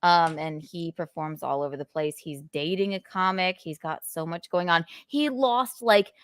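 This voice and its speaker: A woman hosting a casual chat show, talking in an animated, rambling, joking way. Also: on the low side, moderate pace, clean tone, no room sound, clean studio sound. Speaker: livestream host.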